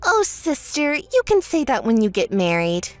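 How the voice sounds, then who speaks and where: Faint music plays behind a woman whose voice swings hugely in pitch at a moderate pace, with no echo. She performs a texting-story voice-over as a smug, self-centered young bride who bosses her sister, whining and ordering, and going shrill when angry.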